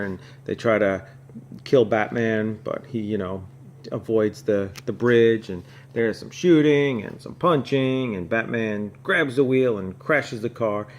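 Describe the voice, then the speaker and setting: A man's voice: on the low side, unhurried, slight background noise. A man from North Carolina hosting a comic podcast, reviewing an old issue in a rambling, casual way with lots of fillers. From North Carolina, USA. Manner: rambling, filler-heavy, chuckling asides. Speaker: podcast host.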